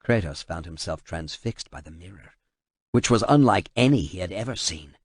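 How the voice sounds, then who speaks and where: A man reading an action novel aloud in steady, measured audiobook narration. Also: low voice, breathy edge, dry recording, studio quality.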